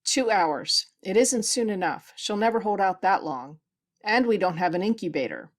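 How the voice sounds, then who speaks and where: A woman's voice: mid-range voice, animated, normal speed, lightly acted. A woman reading the lines of a tense male space station doctor, speaking in clipped, pressured sentences.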